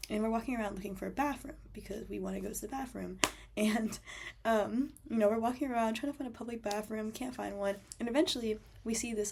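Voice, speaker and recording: A woman's voice: medium pitch, creaky, a little mellow, a little hiss or hum. A young woman telling a travel story as a voice-over, chatty and full of fillers. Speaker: travel vlogger.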